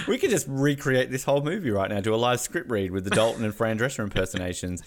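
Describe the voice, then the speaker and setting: A man's voice: fairly low pitch, a little hiss or hum. Rambling, joking male podcast host. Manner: rambling, jokey, crude asides. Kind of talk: casual chat.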